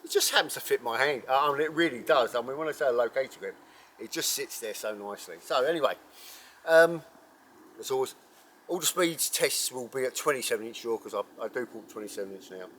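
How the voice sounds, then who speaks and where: A man hosting an archery channel, talking casually and rambling with many ums and self-corrections while reviewing a bow outdoors in bright sun. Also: mid-range voice, lively intonation, fairly quick, slight background noise. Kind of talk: casual unscripted gear review.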